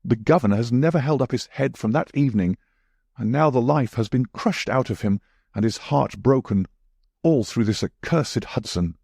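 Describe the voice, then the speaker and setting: A man voicing a careworn young gentleman who speaks urgently and with anguish. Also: mid-range voice, expressive, moderate pace, creaky, husky, no room sound, studio quality, pitched above the performer's own voice. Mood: distraught.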